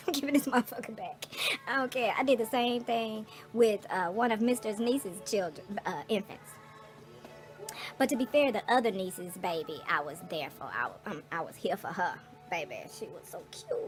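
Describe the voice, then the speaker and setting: A middle-aged woman vlogging in a casual storytelling way, frank and profane, animated, with asides and laughter. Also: medium pitch, normal speed, soft background music.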